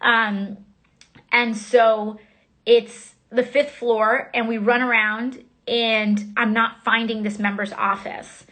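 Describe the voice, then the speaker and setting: Woman lawmaker, slightly high voice, telling her story in quick, halting bursts on a phone livestream. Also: little pitch movement, fairly bright tone. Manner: rapid, halting retelling full of fillers and restarts. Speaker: member of Congress. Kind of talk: casual first-person recounting on a livestream.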